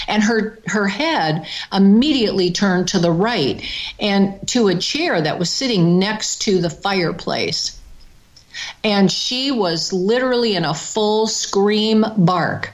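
A woman telling a personal story in casual spoken style, earnest, with dramatic pauses and quoted exclamations. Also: mid-range voice, animated, low-quality recording.

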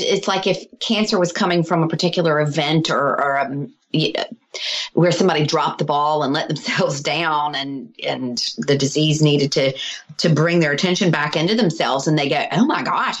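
A woman's voice: deep voice, normal speed. A middle-aged woman, a healer and author, chatting casually as a guest, laughing often and acting out her own quotes. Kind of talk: casual podcast conversation.

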